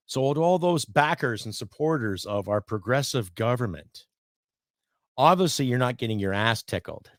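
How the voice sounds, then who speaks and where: A man's voice: fairly low pitch, no echo, studio quality. A man in his fifties hosting a solo podcast, ranting bluntly with profanity and sarcasm. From Canada. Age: 50s. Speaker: podcast host.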